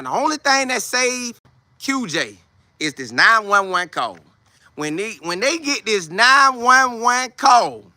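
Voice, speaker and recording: A young man hosting a podcast, giving preachy, animated commentary in a casual way. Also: high-pitched, no room sound. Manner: animated, preachy, acts out scenes in put-on voices. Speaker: podcast host.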